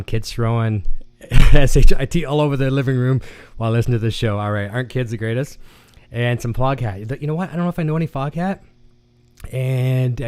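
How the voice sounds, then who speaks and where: Chatty man hosting a guitar stream. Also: mid-range voice. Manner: jokey, chatty, reads viewer comments aloud. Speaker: host of a guitar gear show. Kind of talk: casual live-stream chat.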